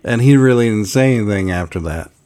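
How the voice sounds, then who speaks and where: A man's voice: lowish voice, animated, brisk, warm tone. A man co-hosting a podcast, telling a family story in casual chat and acting out the quotes with animation. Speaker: podcast co-host, father.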